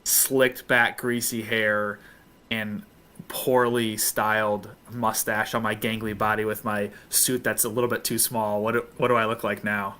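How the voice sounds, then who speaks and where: A man's voice: on the low side, level tone, unhurried, bright, forceful tone. A man playing a character in a tabletop game, hesitant at times and dryly sarcastic. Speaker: player.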